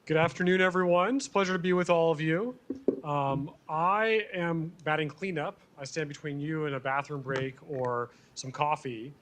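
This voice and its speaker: A real estate attorney presenting survey results to a conference audience, conversational and self-deprecating with frequent ums. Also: male voice, a little high, normal speed, fairly bright tone. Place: conference venue, speaking to an audience.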